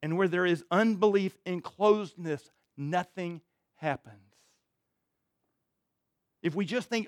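A man's voice: measured pace, no room sound, studio quality. Emphatic man preaching a sermon. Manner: emphatic preaching, dropping low and quiet for stress; reads scripture aloud and comments conversationally. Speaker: pastor.

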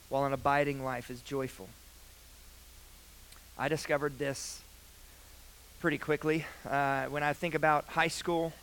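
A young man preaching a sermon, earnest, with loud emphatic phrases that drop to quiet, hushed lines. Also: mid-range voice, a little hiss or hum, poor audio.

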